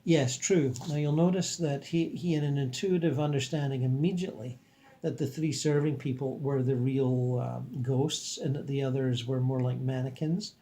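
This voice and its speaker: Man reading aloud and commenting, mellow, calm and earnest; middle pitch. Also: normal speed. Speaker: reader and commentator.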